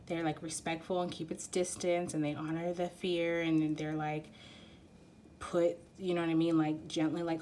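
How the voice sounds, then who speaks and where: A woman giving an intuitive card reading, rambling and halting with many fillers and growing emotional as she talks. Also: low voice, a little hiss or hum. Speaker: tarot reader. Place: quiet room at home.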